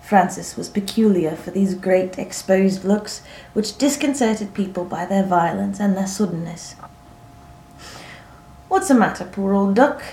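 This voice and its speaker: A woman narrating a literary story in a measured, vivid descriptive reading. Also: medium pitch, warm tone, a little hiss or hum. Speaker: audiobook narrator. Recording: roomy echo, faint ambience.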